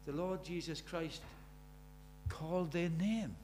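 A man preaching a sermon, animated, shifting from loud emphatic lines to quiet asides. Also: on the high side, slow pace, a little hiss or hum.

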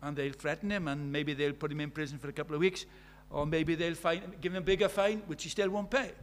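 A man's voice: fairly high pitch, fairly even intonation, fast. A middle-aged British man delivers a sermon in a slightly raised voice. He tells stories and plays the people in them, then presses his listeners with rhetorical questions. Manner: storytelling, acting out dialogue, rhetorical questions. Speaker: preacher.

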